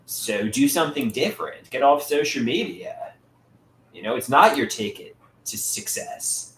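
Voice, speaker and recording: Halting man on a livestream, roomy echo. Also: medium pitch, very animated, fairly bright tone. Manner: halting, repeats words and restarts often. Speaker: livestream host reading chat. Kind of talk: casual live chat with viewers. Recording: roomy echo, faint background noise.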